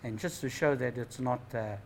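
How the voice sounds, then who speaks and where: Older man, New Zealand accent, reflective storyteller, tags thoughts with eh, mid-pitched voice. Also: moderate pace, slight background noise, poor audio. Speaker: speaker at a Māori knowledge gathering. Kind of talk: anecdotal storytelling talk.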